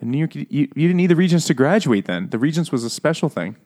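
A man's voice: a little high, sing-song, fast talker, a little mellow. A man cracking crude jokes in a casual book-club podcast chat, acting out characters in silly voices. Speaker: podcast co-host.

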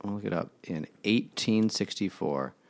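A man's voice: fairly low pitch, lively intonation, moderate pace. A man in casual chat, adding dry factual asides.

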